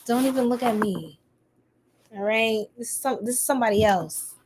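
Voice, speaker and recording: A woman's voice: on the high side, moderate pace, slightly rough. A woman hosting a live tarot reading for her stream, chatty and sassy, greeting viewers by name and exclaiming at the cards. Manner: animated, exclaims often.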